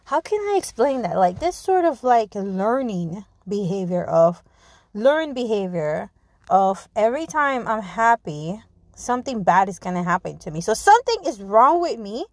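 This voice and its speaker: A woman hosting her own podcast in casual talk, blunt and animated, swearing freely and often restarting her sentences. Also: mid-range voice, moderate pace, no echo. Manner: restarts and repeats words often. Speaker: podcast host. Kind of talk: casual spoken monologue.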